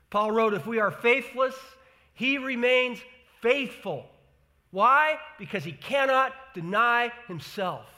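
A man preaching a sermon, moving between hushed earnest passages and emphatic rising declarations, often repeating phrases for effect. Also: high-pitched. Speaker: pastor.

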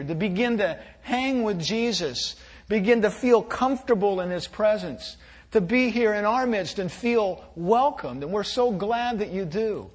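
Male pastor preaching, kinda high voice, slow and gentle, thoughtful. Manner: gentle, reflective, with small restarts. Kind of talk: sermon.

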